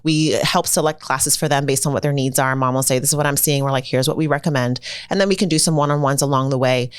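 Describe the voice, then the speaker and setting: Fast-talking low-voiced woman coach. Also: smooth, dry recording, clean studio sound. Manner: energetic and emphatic, teacherly explaining. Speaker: self-esteem coach, podcast guest. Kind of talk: conversational interview.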